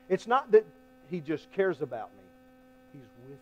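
A pastor with a rather high voice delivers a folksy, emphatic sermon. He swings between loud appeals and hushed, quiet lines. A faint mains hum sits under the recording. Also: lively intonation, normal speed, long pauses, dull audio. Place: church sanctuary.

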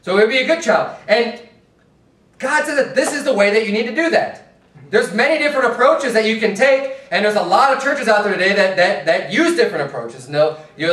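A man's voice: high-pitched, animated, a little fast, a little hiss or hum. A man preaching a fervent sermon as pastor, with an American accent, stumbling over repeated words as he presses his points. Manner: impassioned, repetitive restarts, mimics soft preachers in a hushed voice. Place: church sanctuary. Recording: echoey room from far off.

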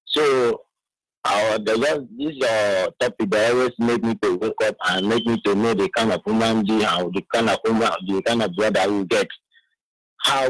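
A man with a Nigerian Pidgin English accent rings in over a phone line, going on at length in effusive praise. His voice sits fairly low and the sound is dry and close. He talks in long, looping, repeated phrases. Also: no room sound. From Akwa Ibom, Nigeria. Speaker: caller. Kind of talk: phone-in call.

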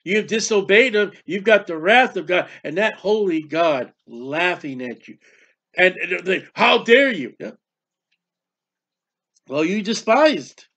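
A man preaching a sermon, animated and emphatic, reading scripture aloud. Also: high voice, slow pace. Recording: dull lo-fi sound.

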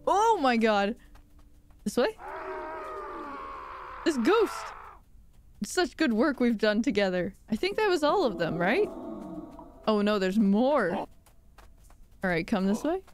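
A woman's voice: fairly high pitch, sing-song, takes it slowly, long pauses, noisy background. A woman streamer giving casual, giggly, exclaiming commentary while playing a game.

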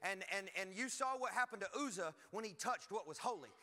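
A man preaching a lively sermon as pastor, emphatic and energetic with frequent asides. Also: sits high, fairly quick, long reverb tail. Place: church hall.

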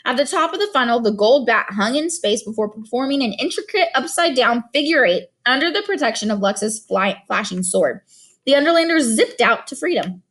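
Woman teacher, expressive read-aloud and chatty class talk, lively pitch, a bit high. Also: brisk. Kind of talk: reading a novel aloud to students.

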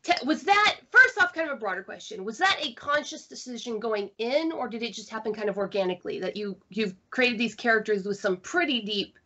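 A woman's voice: a little high, animated, fairly quick, hardly any pauses, bright, forceful tone. A woman interviewer who teaches, asking long chatty questions with some stumbles. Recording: dull lo-fi sound.

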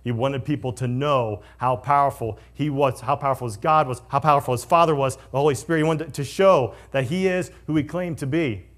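A man's voice: medium pitch, fairly quick, hardly any pauses. Man preaching a conversational sermon. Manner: conversational preaching, swinging from excited to hushed and solemn. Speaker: pastor.

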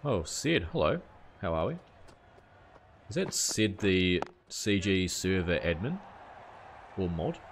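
Easygoing low-voiced man streaming. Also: very animated, slow pace, pauses often, a little hiss or hum. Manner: chatty, easygoing, asks viewers questions. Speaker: gaming streamer. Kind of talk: casual live-stream chat reading viewer messages.

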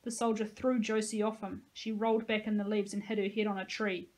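A woman, a teacher, reading a novel aloud with expressive, dramatic storytelling. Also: medium pitch, brisk, rough recording.

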